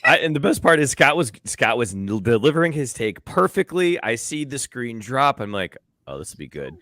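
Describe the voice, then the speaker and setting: A man's voice: mid-range voice, very animated, moderate pace, sharp tone, slight background noise. A man hosting a casual sports podcast who teases his co-hosts and steers the talk along. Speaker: podcast host.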